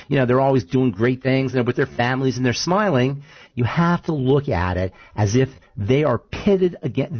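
A man hosting a talk radio show, chatting casually and telling stories in an animated, argumentative way. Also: mid-range voice, dry recording, dull audio. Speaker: show host.

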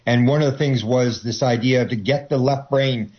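A man's voice: medium pitch, fairly even intonation, normal speed, muffled recording. A man talking casually as an interview guest, rambling with many restarts and acting out the voices he quotes.

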